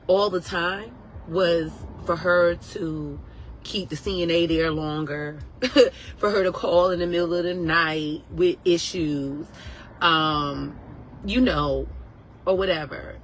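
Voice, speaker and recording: Emotional woman telling a story, slightly low voice. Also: slight background noise, poor audio. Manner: animated, emotional, acts out quotes. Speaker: nurse sharing a story. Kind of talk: casual storytelling to viewers.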